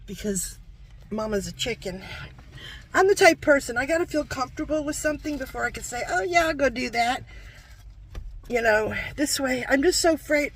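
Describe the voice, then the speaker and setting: A woman's voice: medium pitch, a little hiss or hum. An older woman vlogger chatting casually and rambling as she shows her grocery haul, a bit self-deprecating.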